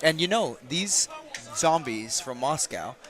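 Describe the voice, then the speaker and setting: A high-pitched man commentates a game from the booth with a bright, forceful tone. He jokes around between plays and suddenly gets loud when a big catch or throw happens. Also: slow pace. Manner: excitable, jokey, bursts loud on big plays. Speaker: sports commentator. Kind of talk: play-by-play commentary with banter. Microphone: booth microphone.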